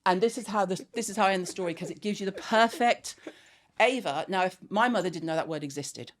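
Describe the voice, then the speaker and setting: A middle-aged woman guest with a mixed Scouse and West London accent, telling a family story in animated, blunt chat and swearing freely. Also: medium pitch, fast. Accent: Scouse and West London mix. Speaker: guest, skincare founder.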